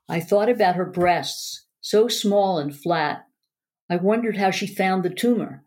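A woman's voice: fairly low pitch, unhurried, a little mellow. A woman narrating a first-person memoir aloud in an earnest, emotional way.

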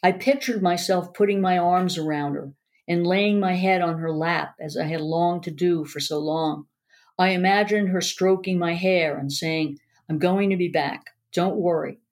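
A woman's voice: on the low side, fairly even intonation, moderate pace. A woman narrating a first-person memoir aloud in an earnest, emotional way.

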